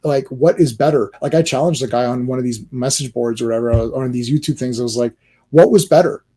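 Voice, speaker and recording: A man's voice: mid-range voice, quick pace, mellow. A man hosting a casual livestream, ranting animatedly about movies with many restarts and fillers. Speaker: livestream host.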